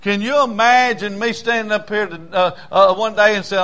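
A man preaching a sermon in a dramatic, folksy way, swinging between loud outbursts and low murmurs. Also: normal speed, clean tone. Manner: folksy, with many fillers and restarts.

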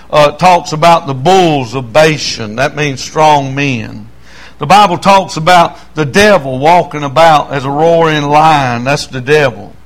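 An older preacher with a fairly high voice, telling homespun stories from the pulpit. He stumbles and restarts his phrases often, and his cadence is loose and folksy. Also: a bit bright. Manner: folksy storytelling, stammering restarts. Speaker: pastor. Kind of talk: sermon.

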